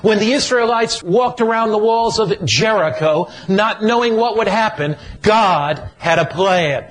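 A man delivers a sermon in a high voice. He preaches slowly and deliberately, building emphatic, repeated phrases. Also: rough recording. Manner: emphatic repetitive cadence.

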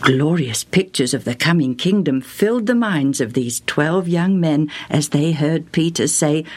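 A woman narrating a Bible story for listeners in a gentle, expressive, measured way. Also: low-pitched.

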